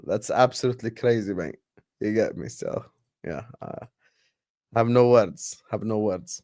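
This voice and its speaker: A man's voice: fairly low pitch, unhurried, darkish tone, no echo, studio quality. A man hosting a casual football livestream, chatting with viewers and slipping in Arabic phrases. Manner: chatty, talks to the chat, switches into Arabic phrases. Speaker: football stream host.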